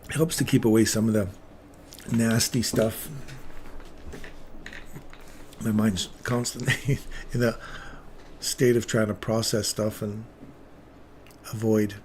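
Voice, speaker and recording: Low-voiced chatty male stream host. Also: flat delivery, slow, long pauses, a little mellow, slight background noise. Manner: rambling, chatty, drifting between topics; playful asides to the viewers. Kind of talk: live trading commentary.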